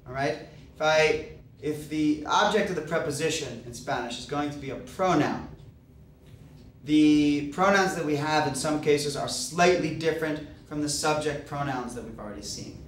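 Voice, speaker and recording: A man's voice: on the high side, normal speed. A man teaching a Spanish grammar lesson, explaining step by step with patient fillers. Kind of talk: recorded classroom lecture. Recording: echoey room, voice far from mic, faint hiss.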